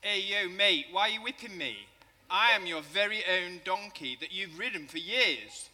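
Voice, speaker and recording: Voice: mid-range voice, animated, moderate pace, sharp tone, long reverb tail, pitched above the performer's own voice. A man voicing a cheeky talking donkey in a church skit, with cocky slang banter. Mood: aggrieved.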